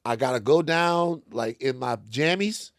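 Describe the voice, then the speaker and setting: A man's voice: mid-range voice, a little slow, no room sound, clean studio sound. A man from Louisiana co-hosting a podcast, telling a story with lots of swearing and acted-out voices. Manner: animated storytelling, swearing, acting out other voices. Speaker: podcast co-host. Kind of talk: casual studio chat. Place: podcast studio.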